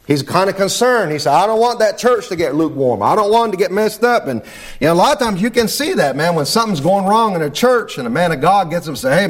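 Preacher, high-pitched man, sermon cadence with "Lord God" and "amen" refrains. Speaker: pastor. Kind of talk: sermon and prayer.

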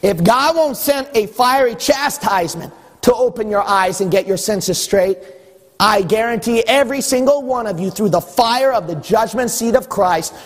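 A man preaching a sermon as pastor, emphatic and rising to shouts, acting out the voices of God and his listeners. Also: high-pitched, normal speed, in a large hall.

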